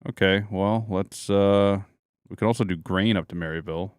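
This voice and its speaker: A man's voice: sits low, moderate pace, smooth, dry recording, studio quality. A man co-hosting a casual livestream, laid-back and joking with his co-host. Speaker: streamer co-host.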